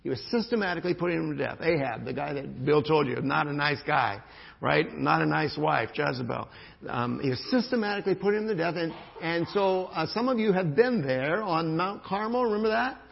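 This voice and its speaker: A man preaching a sermon, telling the story with lively swings between loud calls and quiet asides. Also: a little high, a little fast, creaky. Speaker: pastor. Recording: dull lo-fi sound in a reverberant hall.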